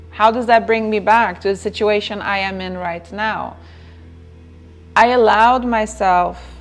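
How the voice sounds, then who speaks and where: A woman giving a reflective motivational talk on self-care, who repeats phrases and checks in with "right?". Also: fairly high pitch.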